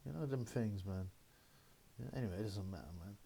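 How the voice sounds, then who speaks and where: Brief: male host, slightly low voice, loose rambling chat with laughs. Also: brisk, gravelly, mellow, a little hiss or hum. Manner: rambling, laughing, mocking impressions of critics. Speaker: boxing channel host. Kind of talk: casual solo commentary.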